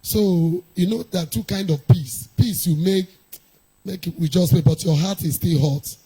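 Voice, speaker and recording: A middle-aged woman, a pastor's wife telling a personal story in a sermon, animated and laughing often. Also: lowish voice, moderate pace, slightly rough, rough recording.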